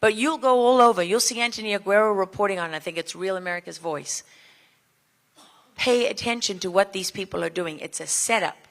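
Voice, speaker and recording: A woman's voice: medium pitch, brisk. A woman giving an impassioned speech at a summit, firing rhetorical questions at the crowd. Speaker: speaker at a border summit.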